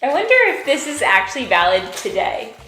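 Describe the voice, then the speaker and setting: A woman's voice: on the high side, sing-song, a little fast, a bit bright. A woman from the United States with an American accent, co-hosting a casual vlog in a playful, giggly way. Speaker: co-host. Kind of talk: casual chat. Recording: echoey room with faint music.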